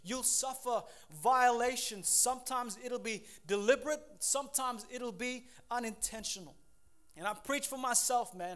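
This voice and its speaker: A pastor in his thirties preaching a sermon, animated, acting out quick voices and laughing at himself. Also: extremely high pitch, smooth.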